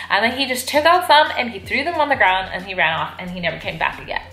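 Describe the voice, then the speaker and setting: A woman vlogger telling stories in a chatty, animated way while folding laundry, with lots of fillers. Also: mid-range voice, quick pace, hardly any pauses. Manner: chatty, animated, lots of "like", jumps to loud outbursts when retelling. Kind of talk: casual storytelling chat while folding laundry. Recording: echoey room with faint music.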